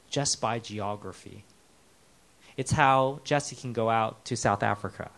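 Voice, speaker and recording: Young American male pastor, mid-pitched, conversational sermon delivery with lively storytelling and quiet, earnest moments. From United States.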